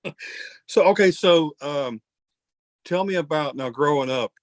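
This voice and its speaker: Folksy host, rambling and chatty. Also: male voice, fairly high pitch, unhurried, dry recording. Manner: folksy, rambling, self-deprecating. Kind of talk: casual interview chat.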